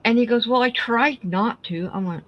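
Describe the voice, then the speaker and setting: A woman's voice: on the high side, normal speed, highs cut off, a crowd in the background. A middle-aged woman hosting a craft live stream, casually telling family stories and acting out the dialogue. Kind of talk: casual storytelling chat.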